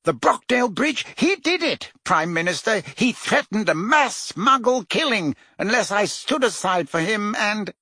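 A man doing a flustered, fast-talking wizard minister. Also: animated, sharp tone, no room sound, clean studio sound, exaggerated voice. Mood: urgent. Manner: rapid, heated, rising pitch when pressed.

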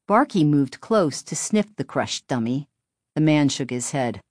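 A woman narrating a children's story in a steady, expressive storytelling manner. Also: deep voice, measured pace, no echo, studio quality. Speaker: audiobook narrator. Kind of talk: scripted narration.

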